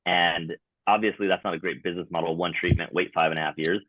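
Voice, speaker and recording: A man with a very low voice explains things in a relaxed, casual podcast chat, dropping in plenty of fillers. His voice sounds narrow and thin, like it is coming over a phone line, with a dry, close sound. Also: fast, no room sound. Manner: explanatory, laid-back, frequent fillers. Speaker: tattoo removal specialist, podcast guest.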